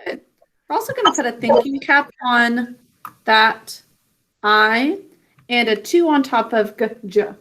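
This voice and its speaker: A woman teaching an online spelling lesson to children, speaking slowly and clearly. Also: a little high, expressive, a bit bright. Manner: slow, clear enunciation for children.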